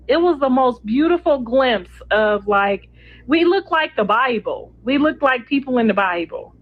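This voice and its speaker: A woman's voice: on the high side, dull audio. A middle-aged woman hosting a casual gossip livestream, blunt, sassy and freely profane. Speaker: host.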